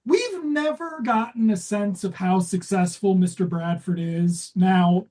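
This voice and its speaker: A woman co-hosting a comedy podcast, talking in a sardonic, profane way that jumps up and down in pitch. She sits at a middle pitch for a woman. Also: a little slow. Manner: sardonic, swears freely, lively jumps in pitch. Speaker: podcast co-host. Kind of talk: casual comedic chat.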